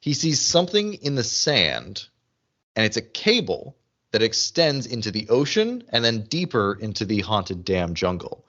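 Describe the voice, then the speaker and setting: A man co-hosting a podcast in casual chat, animated and full of restarts as he talks. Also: lowish voice, a little slow, lo-fi sound. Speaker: podcast co-host. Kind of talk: casual chat recapping a TV episode.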